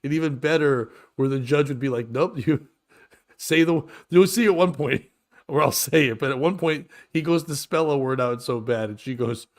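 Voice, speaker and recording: A man's voice: medium pitch, a little fast. Rambling, jokey male podcast host. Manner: rambling, jokey, swearing, often laughing. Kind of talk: casual comedy chat.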